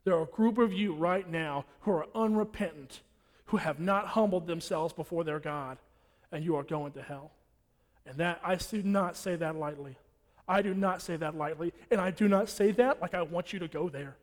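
A man's voice: a little high, normal speed. A young man preaching a sermon in a church, blunt and repetitive, hammering his warnings home. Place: church hall. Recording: long hall reverb.

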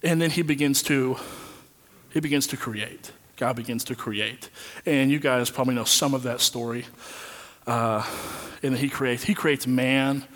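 A man's voice: medium pitch, fairly even intonation, a little slow, a bit bright. A young man giving a casual, self-deprecating sermon, full of fillers and restarts, as a preacher at a church. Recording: long hall reverb.

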